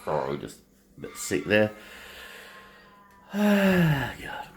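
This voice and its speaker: Man, very low voice, slow unhurried delivery, rambling home vlog, crude and sweary. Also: huge pitch swings. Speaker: vlogger. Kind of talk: casual rambling vlog monologue. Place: home, while making breakfast.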